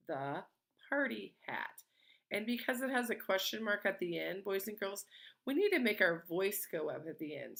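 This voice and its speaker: A woman teacher giving a slow, patient and encouraging lesson to young children from home. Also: lowish voice, gravelly, fairly bright tone. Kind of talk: remote early-grade lesson.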